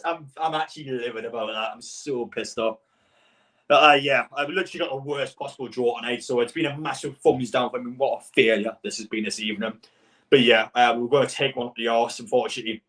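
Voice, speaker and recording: A man's voice: medium pitch, far from the mic. A man reacting live to a cup draw as a football fan, exasperated and swearing, rambling with stutters.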